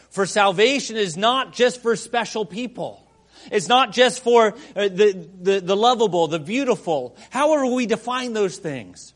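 High-voiced man preaching a sermon. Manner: swings between quiet asides and loud emphatic proclamation. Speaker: pastor.

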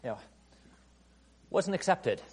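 A man preaching a sermon in a conversational way, full of "you know" fillers, who rises to emphatic outbursts and then drops quiet. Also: on the high side, sing-song, slow pace, husky. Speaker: pastor.

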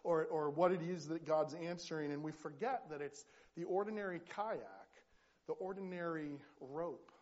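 A man preaching a sermon as pastor, earnest and halting, with frequent restarts as he tells a story. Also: fairly high pitch, darkish tone, lo-fi sound.

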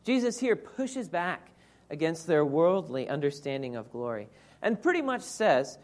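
A woman's voice: low-pitched, sing-song, unhurried, a little mellow. A woman preacher giving an earnest, reflective sermon that explains scripture verse by verse.

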